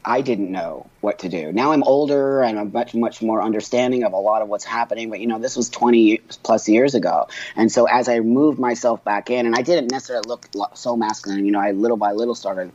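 A man's voice: on the low side, fairly quick, few pauses, muffled recording. A trans man speaking as an interview guest, telling his story with feeling, often laughing and acting out what others said. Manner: emotional, animated storytelling with frequent laughs. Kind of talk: candid conversational interview.

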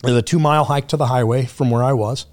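A man's voice: mid-range voice, fast talker. A man talking as a podcast guest, telling road stories in a blunt, profane, casual way. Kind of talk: casual conversation.

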